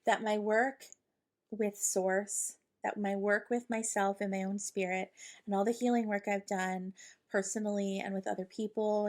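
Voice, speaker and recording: A woman's voice: medium pitch, a little mellow. A woman hosting a podcast, talking casually and ramblingly about spiritual guidance, with lots of fillers and quoted inner dialogue. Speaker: podcast host, intuitive channeler.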